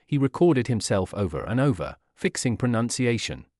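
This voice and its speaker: Man, graded-reader narrator, clear measured delivery, lively intonation. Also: medium pitch, no echo, clean studio sound. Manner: clear, measured reading for learners. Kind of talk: scripted storybook narration.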